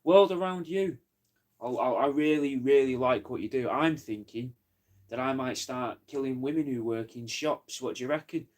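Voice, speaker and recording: A man voicing a polite, chummy adult male killer in a raised, slower voice. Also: mid-range voice, natural voice. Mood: creepy friendly.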